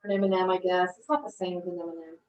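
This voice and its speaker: A woman's voice: on the low side, level tone, very fast, darkish tone, distant mic, highs cut off. A woman leading a live online cooking class, bubbly and encouraging, laughing often as she talks her students through each step. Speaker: recreation therapy cooking instructor.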